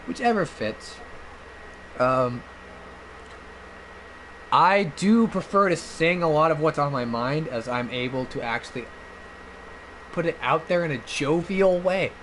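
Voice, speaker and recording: With a fairly high-pitched voice and a bit of hiss or hum behind him, a drunk young man streams a game and chats loosely. His talk is rambling and loud, punctuated by bursts of singing.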